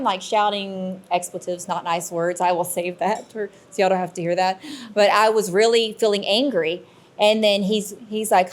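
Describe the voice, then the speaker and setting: Woman, panel storyteller, lively and expressive. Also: mid-range voice, measured pace. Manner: animated storyteller, acts out quotes. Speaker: paranormal investigator panelist. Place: convention panel room.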